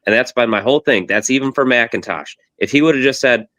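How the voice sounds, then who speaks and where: A man's voice: medium pitch, fast, a bit bright, dry recording. A man co-hosting a sports podcast, chatting casually and rambling through analogies. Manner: rambling, uses analogies, many "it's like". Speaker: podcast co-host.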